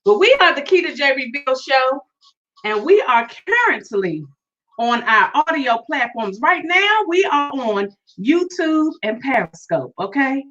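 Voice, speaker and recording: A woman hosting a live podcast, talking to her viewers in an excited, chatty way with loud exclamations. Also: sits high, unhurried, lo-fi sound. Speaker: podcast host. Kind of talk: casual live-stream chat.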